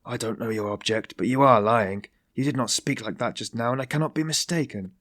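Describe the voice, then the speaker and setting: A man voicing a feverish, hostile young man who speaks in sharp, accusing outbursts. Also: mid-range voice, fairly quick, no room sound, clean studio sound, natural voice.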